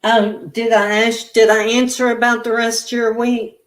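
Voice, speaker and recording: A woman's voice: fairly high pitch, level tone. A woman reading tarot on a livestream, chatting casually with viewers and telling meandering stories. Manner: chatty, reads viewer comments aloud and answers them; slow, meandering storytelling.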